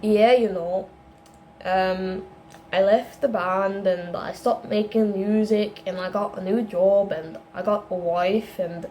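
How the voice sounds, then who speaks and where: A woman's voice: mid-range voice, fairly even intonation, takes it slowly, a little mellow, a little hiss or hum, pitched below the performer's own voice, natural voice. A woman voicing an evasive, laid-back young man with an Irish accent she puts on. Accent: Irish, put on.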